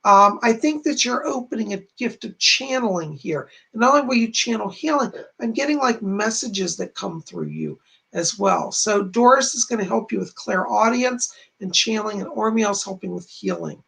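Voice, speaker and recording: A man's voice: high voice, animated, moderate pace, vocal fry, pushed and bright, rough recording. A man working as a psychic medium and giving readings on a livestream. He talks in a chatty, earnest, reassuring way and keeps passing on messages with "she said". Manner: retells messages with repeated "she said". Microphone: streaming from home to camera.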